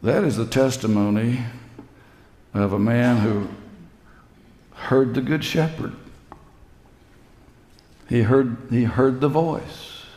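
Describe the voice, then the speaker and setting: Slow-speaking preacher in an echoey church. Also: male voice, mid-range voice, a little mellow. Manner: slow storytelling preacher, rising to emphatic peaks. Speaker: pastor. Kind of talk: sermon. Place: church sanctuary.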